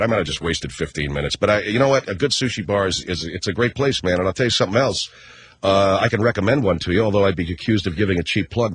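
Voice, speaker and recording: A middle-aged man telling a story on the radio in an animated, slangy way. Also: on the low side, husky, no room sound. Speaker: radio host. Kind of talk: storytelling monologue.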